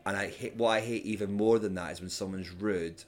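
Scottish comedian guest, lowish voice, casual storytelling with sudden shouted impressions. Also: male voice, a little fast. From Scotland. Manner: animated storyteller, mimics hecklers with loud sudden shouts. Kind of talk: casual podcast chat.

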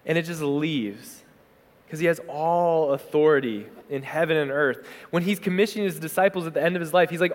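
A man's voice: fairly high pitch, fairly quick. Man preaching in a reverberant hall. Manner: conversational, animated preaching with acted asides. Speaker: pastor. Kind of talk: sermon.

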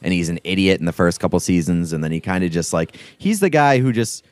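Low-voiced laid-back man, dry mic. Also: lively intonation, fast talker, a little mellow, dry recording. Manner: laid-back, rambling, swears. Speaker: podcast co-host. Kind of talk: casual chat.

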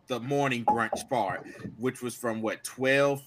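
A young adult man and podcast co-host telling a story in casual chat, animated and laughing. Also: mid-range voice, takes it slowly, a little hiss or hum.

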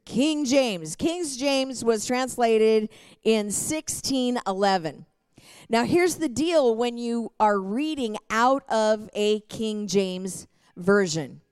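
A middle-aged woman pastor teaching a church lesson in a lively way, often laughing and reading scripture aloud. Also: fairly high pitch, slow pace, smooth, no echo.

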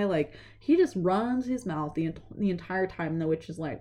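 This is a chatty, lively young woman retelling a story; her voice is fairly low, and she slips into fast character voices along the way.

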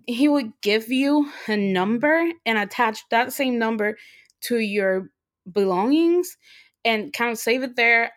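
A young woman co-hosting a podcast, telling a story in a casual, excitable way, full of fillers and restarts. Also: a little high. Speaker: podcast co-host. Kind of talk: casual chat.

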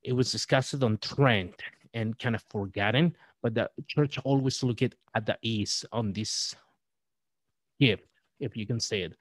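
Man, podcast guest, scholarly, halting restarts, dry close sound. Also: medium pitch, no echo. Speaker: guest, Catholic writer and presenter. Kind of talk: podcast discussion.

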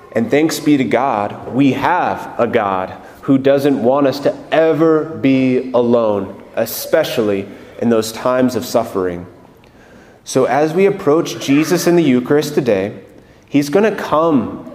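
A man preaching a gentle, earnest homily as a priest, leading his congregation into prayer. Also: mid-range voice. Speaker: Catholic priest. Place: large church. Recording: echoey church, long reverb.

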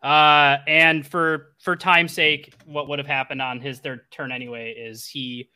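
A man's voice: fairly high pitch, level tone, a little slow, sharp tone, clean tone. A young man narrating as game master, talking loosely with lots of fillers and laughing easily.

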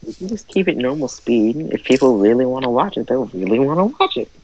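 A man's voice: mid-range voice, sing-song, fairly quick, a little mellow, slight background noise. A man chiming in on a casual podcast chat with joking interjections. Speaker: co-host chiming in. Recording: dull lo-fi recording.

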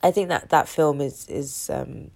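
Low-voiced nasal woman with a cold. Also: measured pace, creaky. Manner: chatty, animated, trailing fillers. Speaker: podcast co-host. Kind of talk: casual chat.

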